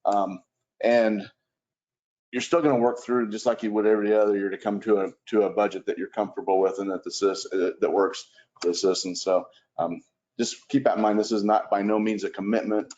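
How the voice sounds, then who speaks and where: Deep, warm male official, halting delivery; dull lo-fi council recording. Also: level tone. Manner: hesitant, many ums and restarts. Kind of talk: public meeting discussion. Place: commission room at city hall. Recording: muffled lo-fi meeting recording.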